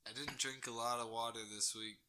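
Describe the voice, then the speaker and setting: A man's voice: mid-range voice, little pitch movement, fairly quick, sharp tone. A young man co-hosting a casual podcast, tossing out dry, offhand quips. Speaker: podcast co-host. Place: hot small room.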